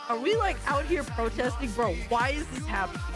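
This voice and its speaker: A woman streaming live, reacting to viewer videos with loud, exasperated, profane commentary and frequent shouts of disbelief. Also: on the high side, fairly quick. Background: music.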